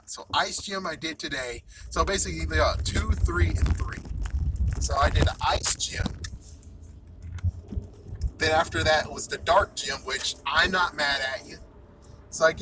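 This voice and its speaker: A man rants about his game in an excitable, loose way, often swearing and laughing. His voice sits a little high, and he is recorded from some distance. A clear hum of passing vehicles runs behind him. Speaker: vlogger. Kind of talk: casual ranting chat.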